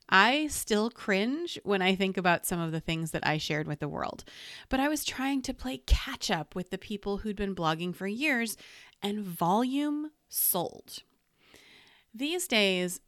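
A woman's voice: medium pitch, fairly bright tone, dry recording, clean studio sound. A woman hosting a solo podcast from home, talking in a candid, conversational and encouraging way into a podcast microphone. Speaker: podcast host.

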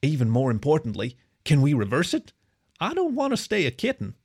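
A man's voice: on the high side, huge pitch swings, fairly quick, a little mellow, breathy edge, voice pushed up, heavily acted. A man voicing a dignified ship's captain who has been turned into a kitten, speaking with formal, courteous wording. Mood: anxious.

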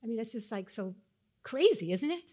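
A woman pastor giving a sermon, asking the congregation questions and dropping to hushed, solemn tones when telling stories of loss. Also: fairly high pitch, big pitch swings, a little fast. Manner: dynamic, swings from loud rhetorical questions to hushed solemn tones.

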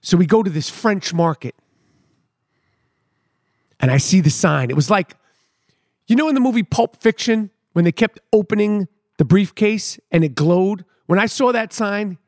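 A middle-aged man riffs through a comic story as a podcast host, stacking words for emphasis and tossing in street slang. His voice sits fairly high, and it is recorded dry and close with no room sound. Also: animated, moderate pace, no echo. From New York City. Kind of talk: comedic storytelling monologue.

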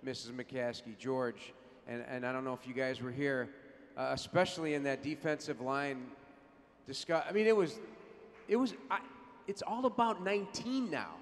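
A man's voice: mid-range voice, moderate pace. A man co-hosting on a convention stage, emotional and effusive, tripping over his words. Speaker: panel host. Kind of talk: onstage interview question. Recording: hall reverb, faint crowd.

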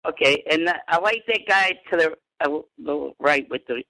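A man calling into a radio show, chatting in a friendly, halting way. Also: fairly high pitch, vocal fry, pushed and bright, no room sound, poor audio. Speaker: caller. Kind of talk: casual phone-in chat.

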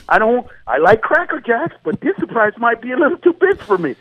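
Animated male comedian on a phone line. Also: very high voice, brisk, hardly any pauses, dry recording. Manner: emphatic, stammers and restarts, acts out voices. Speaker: comedian guest.

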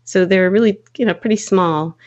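A woman, a children's book author, chatting in an interview and telling stories, animated when quoting others. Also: mid-range voice, brisk, lo-fi sound. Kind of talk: casual interview storytelling.

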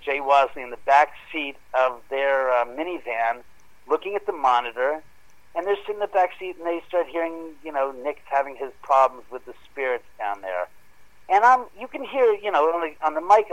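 A man telling a story in a casual, animated way that grows heated as he goes. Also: fairly high pitch, low-quality recording. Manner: animated, gets heated retelling events. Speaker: guest homeowner telling a story.

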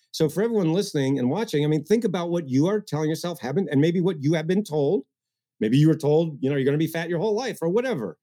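A man speaking as a guest coach in an interview, energetic and getting worked up, with mocking asides. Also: a little high. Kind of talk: animated interview talk.

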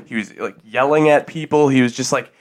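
Man, mid-pitched voice, laughs a lot, playful anecdote telling, casual podcast chat. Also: a little fast. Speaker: podcast co-host.

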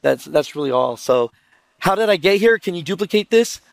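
A man on a conference panel, telling stories in a lively way, acting out other people's lines and quizzing the audience with questions. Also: high-pitched, normal speed, vocal fry, no echo. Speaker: trucking video creator on a conference panel.

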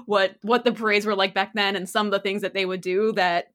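A woman co-hosting a podcast, chatting in a relaxed way with many fillers. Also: medium pitch, a little fast. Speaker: podcast co-host. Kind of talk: casual chat. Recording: close podcast mic.

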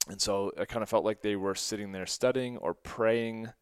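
A man's voice: fairly low pitch, moderate pace, smooth, no echo, clean studio sound. A man hosting a podcast, telling a personal story in an earnest, rambling way full of "like" and restarts. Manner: rambling, many "like" fillers and restarts; earnest and emotional. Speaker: podcast host.

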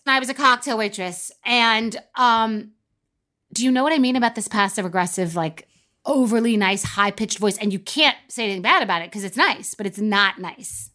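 A woman's voice: mid-range voice, moderate pace, bright, forceful tone. A woman hosting a podcast, telling a rambling comic story with many asides, then introducing a guest. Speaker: podcast host.

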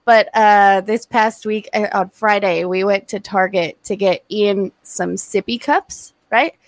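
A woman in her thirties telling animated stories in a casual chat, acting out what people said. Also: mid-range voice, a little slow, no room sound. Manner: animated storyteller, acts out quotes.

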